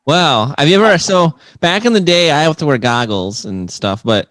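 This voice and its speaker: A man's voice: a little high, normal speed, no echo. A man co-hosting a casual podcast who teases his friends and tells news items in a playful way. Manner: teasing, lively storytelling. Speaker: podcast co-host, news segment. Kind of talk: casual chat.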